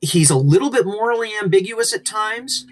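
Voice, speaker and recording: A man's voice: high voice, lively intonation, moderate pace, slight background noise. A man co-hosting a casual book-discussion podcast, speaking enthusiastically and stretching words for emphasis. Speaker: podcast co-host. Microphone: remote call mic.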